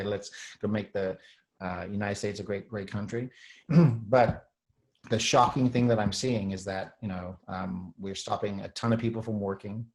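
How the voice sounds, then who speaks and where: A middle-aged male host with a lowish voice talks in a loose, rambling way. He clears his throat often and restarts his sentences as he goes. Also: poor audio. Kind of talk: casual monologue.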